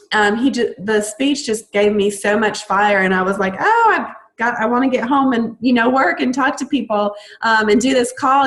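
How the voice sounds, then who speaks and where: Young woman coach gushing on a call, mid pitch, lots of ums. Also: low-quality recording. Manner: upbeat, enthusiastic, frequent ums. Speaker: fitness coach. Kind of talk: recruiting call talk.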